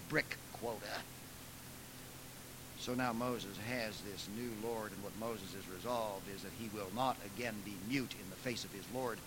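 A man preaching in a lecture style, emphatic, swinging from soft asides to loud dramatic outbursts. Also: medium pitch, background noise.

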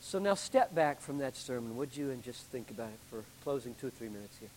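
A man pastor delivering a sermon with emphatic preaching, building to loud climaxes and then dropping low. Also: expressive, quick pace, long reverb tail, slight background noise, poor audio.

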